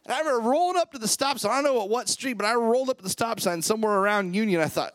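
A man preaching a sermon full of personal stories, animated and rising in pitch as he tells them. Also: racing, few pauses, dry recording. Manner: animated storytelling, rising pitch when excited.

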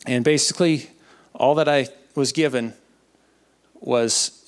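A young man giving an earnest personal faith testimony, halting and often repeating his words. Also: medium pitch. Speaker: speaker sharing a testimony.

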